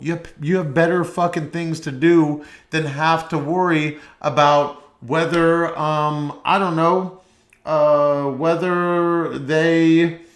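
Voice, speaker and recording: A man in a comedic podcast rant, blunt and heavily profane, dragging his words out slowly. His voice sits fairly high for a man and bounces through hesitant ums. The room around him is echoey. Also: a bit bright. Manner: profane, blunt, mock-advice; drawn-out hesitant fillers. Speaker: podcast host. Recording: roomy echo.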